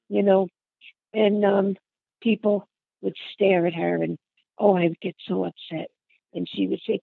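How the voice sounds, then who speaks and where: Older lady with a gravelly voice, chatty, keeps calling you hon, sounds like a thin phone line. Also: medium pitch, dry recording. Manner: chatty, calls the listener hon and honey. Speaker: interviewee. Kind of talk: reminiscing conversation.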